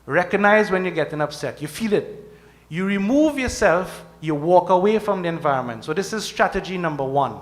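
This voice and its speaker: A man's voice: high voice, lively intonation, a little fast. A middle-aged man preaching to devotees at a temple, speaking conversationally and often checking in with "okay?" and "right?". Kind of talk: sermon.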